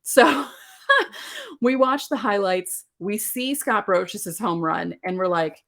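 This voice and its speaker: A woman in her forties hosting a podcast alone, telling sports memories in an animated, candid way. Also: mid-range voice, takes it slowly. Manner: animated, candid storytelling with laughs. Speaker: podcast host. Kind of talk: casual solo podcast talk.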